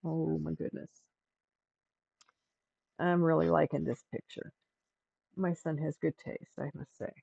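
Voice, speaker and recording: Gravelly middle-aged woman streamer. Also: low-pitched, flat delivery, a little slow, pauses often, dark tone, no echo. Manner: chatty, talking to herself as she works. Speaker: livestream host. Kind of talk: casual chat while crafting. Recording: dull, lo-fi dry sound.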